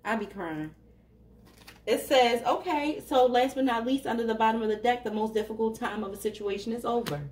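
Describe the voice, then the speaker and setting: Reading tarot for her audience, a woman talks in a chatty, casual way, laughing a lot and speaking straight to viewers. Her voice is a little high and a little mellow, and she talks fairly quickly. The room echoes and she seems somewhat distant from the microphone.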